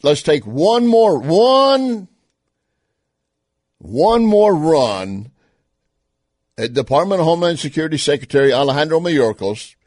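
A man's voice: mid-range voice, darkish tone, no echo, clean studio sound. A man with a Texas accent giving sarcastic political commentary on video clips. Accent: Texan. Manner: sarcastic, scornful.

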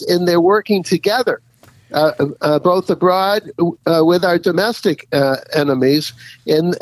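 A man's voice: on the high side, darkish tone, dry recording, rough recording. A man interviewed as an author, answering at length with lots of fillers and restarts. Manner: rambling, many fillers and restarts, chuckles. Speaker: author and guest.

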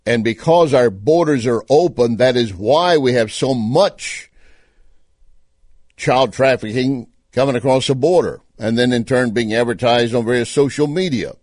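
A man's voice: medium pitch, a little slow, darkish tone, no echo, studio quality. A man with a Texas accent giving sarcastic political commentary on video clips. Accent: Texan. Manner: sarcastic, scornful.

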